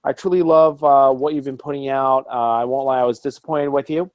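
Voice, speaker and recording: A man's voice: medium pitch, fairly even intonation, a little fast, no echo. A man hosting a casual group chat online, earnest and a bit rambling. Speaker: podcast host. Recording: dull dry lo-fi mic.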